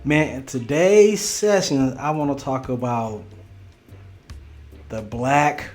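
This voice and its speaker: A man's voice: mid-range voice, expressive, measured pace, a little mellow, faint music behind. A man hosting a casual reaction channel, talking in a laid-back drawl and laughing along with the clips.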